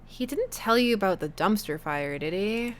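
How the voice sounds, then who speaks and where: A woman voicing a gentle, sentimental middle-aged father who talks earnestly to his daughter in a game. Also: mid-range voice, lively intonation, normal speed, a little hiss or hum, lightly acted.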